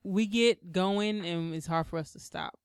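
Smooth-voiced teasing woman co-host. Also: on the low side, measured pace, no echo, studio quality. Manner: teasing, laughs often. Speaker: podcast co-host. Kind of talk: casual chat.

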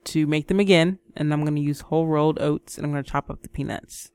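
Chatty woman with a smooth, clear voice. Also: low voice, fairly even intonation, fast talker, darkish tone, no room sound. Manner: chatty, giggly, lots of "like" and "um". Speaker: co-host. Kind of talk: casual chat.

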